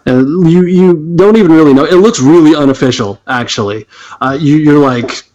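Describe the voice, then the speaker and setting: An American man narrating as game master for a tabletop game, halting with many restarts. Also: a little high, a little mellow, lo-fi sound. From United States.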